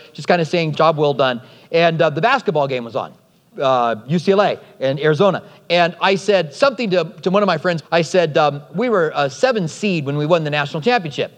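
Guy preaching, pretty high voice, chatty and jokey, big hall echo. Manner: lively, conversational, joking asides. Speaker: pastor. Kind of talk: sermon. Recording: long hall reverb.

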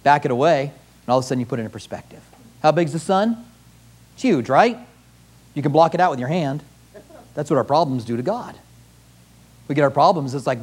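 A man preaching a sermon, acting out quoted prayers in an animated way. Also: fairly high pitch, brisk, pauses often, husky. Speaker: pastor.

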